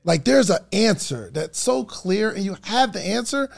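A man co-hosting a podcast, chatting casually as an animated storyteller who laughs often and rambles loosely. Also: high voice, moderate pace, vocal fry. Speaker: podcast co-host.

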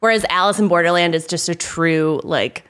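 Young woman co-host, slightly low voice, animated casual chat with easy laughs. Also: moderate pace, smooth. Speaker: podcast co-host.

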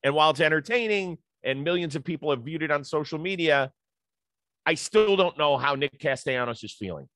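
A man's voice: fairly high pitch, lively intonation, brisk, bright, forceful tone, dry recording. A middle-aged man hosting a sports talk show, chatting casually and citing stats. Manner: conversational, stat-citing, storytelling.

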